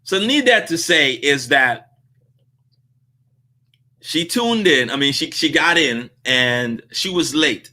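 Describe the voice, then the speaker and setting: A man hosts a business vlog and tells a story in a loose, casual way, acting out each bit of dialogue. His voice sits a little high and comes out bright and forceful. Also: slow pace. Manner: animated, laughs through his story, acts out dialogue. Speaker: vlog host on business advice.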